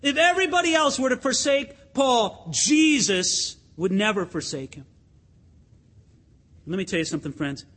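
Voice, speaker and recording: A man's voice: extremely high pitch, expressive, normal speed, fairly bright tone. A pastor preaching a sermon in an earnest, emphatic way, addressing his listeners as friends in a church sanctuary. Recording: long hall reverb.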